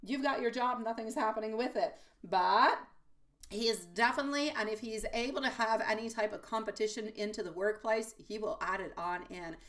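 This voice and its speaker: A woman's voice: fairly high pitch, a little fast, a bit bright, far from the mic. Chatty woman reading tarot, a bit off-mic. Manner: affectionate, chatty, calls viewers sweetie. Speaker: tarot reader. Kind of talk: live-stream tarot reading. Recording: voice a little off-mic.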